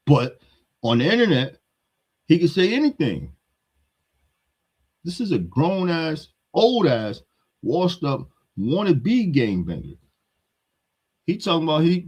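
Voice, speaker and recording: A man's voice: fairly high pitch, a little mellow, husky, lo-fi sound. A man with a New York accent, giving a blunt, heated hip-hop commentary rant that repeats its points.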